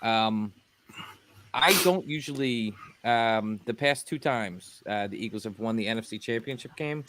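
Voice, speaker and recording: A man's voice: fairly low pitch, a little slow, noisy background. A man co-hosting a casual sports podcast, emphatic and slangy in his talk. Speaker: podcast co-host.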